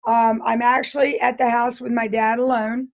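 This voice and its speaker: A hoarse middle-aged woman, a guest telling her life story in an interview in an earnest, halting way with frequent restarts. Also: on the high side, little pitch movement. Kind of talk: personal testimony interview.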